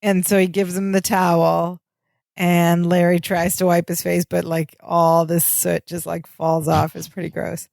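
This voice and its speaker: A woman with a gravelly, creaky edge to her voice co-hosts a sitcom rewatch podcast. She narrates scenes step by step in a relaxed, chatty way. The sound is dry and close. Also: lowish voice, unhurried, dry recording. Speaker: podcast co-host. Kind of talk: casual chat recapping a sitcom episode.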